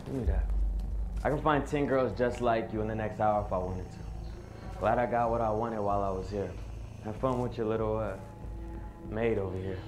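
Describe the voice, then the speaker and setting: A man's voice: on the low side, normal speed, pauses often, natural voice. A man playing a smug cheating boyfriend. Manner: smug, dismissive. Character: cocky, cheating young boyfriend. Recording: roomy skit audio with music.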